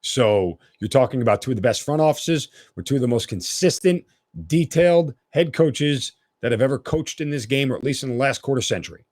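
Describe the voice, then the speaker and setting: A man's voice: mid-range voice, expressive, fairly quick, darkish tone, dry recording, studio quality. A man hosting a sports talk podcast, giving opinionated, emphatic commentary.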